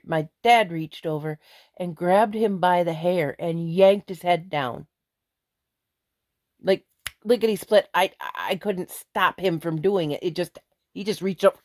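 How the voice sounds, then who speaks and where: A woman's voice: fairly low pitch, takes it slowly, a little mellow, dry recording, clean studio sound. A middle-aged woman venting angrily in a vlog, blunt and emphatic. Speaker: vlogger. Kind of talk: angry ranting vlog.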